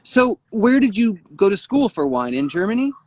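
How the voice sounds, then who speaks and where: Casual host asking questions on a call. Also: male voice, sits high, big pitch swings, normal speed, darkish tone, dry recording. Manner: casual, filler-heavy questions. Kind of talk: video-call interview. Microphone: video call.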